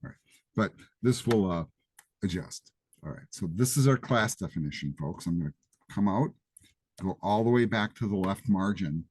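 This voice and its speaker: Teaching a live programming session in a classroom or office, this man from Greece keeps the lecture and coding demo chatty, casual, and full of asides. He sounds animated, with a low, darkish, slightly rough voice at a moderate pace.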